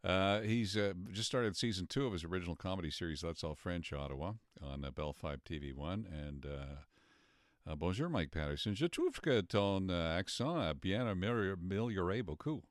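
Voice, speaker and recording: A man's voice: low-pitched, lively intonation, normal speed, dry recording. A man hosting a radio interview, chatty and conversational in a studio. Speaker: radio host. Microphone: studio microphone.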